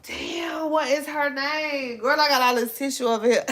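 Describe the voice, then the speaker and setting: A young woman in casual chat, recapping a TV episode as an animated, laughing storyteller with lots of slang. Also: high voice, moderate pace. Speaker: podcast host recapping a TV show.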